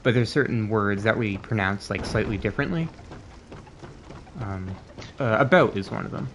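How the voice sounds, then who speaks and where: A man's voice: lowish voice, normal speed. A Canadian man from Ontario chatting casually on a gaming stream, rambling with many fillers while answering chat. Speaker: streamer and co-host. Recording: noisy home stream audio.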